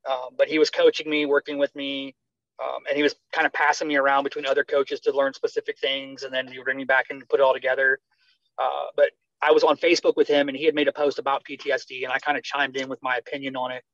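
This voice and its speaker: A man's voice: medium pitch, fast, no echo. An American man, a retired army medic, telling his story in a conversational interview and acting out the dialogue he recalls. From United States. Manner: animated, acts out quoted dialogue. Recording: slightly dull dry sound.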